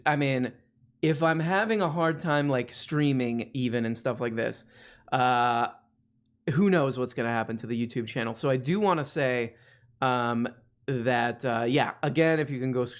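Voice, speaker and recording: A man hosting a casual livestream, rambling with lots of fillers. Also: a little high. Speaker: stream host.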